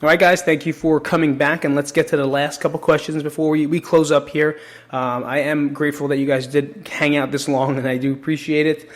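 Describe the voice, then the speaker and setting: On his own podcast, a man from New Jersey opens up emotionally to his listeners in a casual solo monologue, cursing freely and speaking straight to them. His voice runs on the high side, with a flat delivery and a slightly quick pace.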